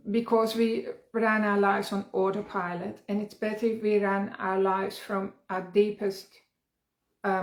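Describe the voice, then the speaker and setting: Middle-aged female wellness coach, mid-pitched voice, earnest and encouraging, roomy echoey recording. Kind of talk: conversational self-help workshop talk. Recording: roomy echo.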